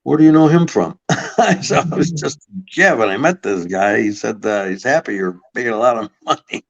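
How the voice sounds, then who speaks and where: A man's voice: lowish voice, expressive, moderate pace, fairly bright tone. A man from Buffalo, New York, a podcast guest, telling long rambling stories with swearing. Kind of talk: casual storytelling. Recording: slightly muffled audio.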